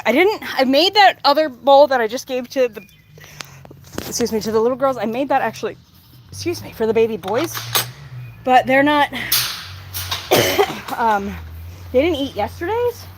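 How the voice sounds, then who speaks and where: Outdoors on her farm, a woman vlogs while chatting to her animals in a coaxing, sing-song manner, with goats bleating behind her. Her voice sits on the high side with lively intonation, and she talks unhurriedly with long pauses amid slight background noise.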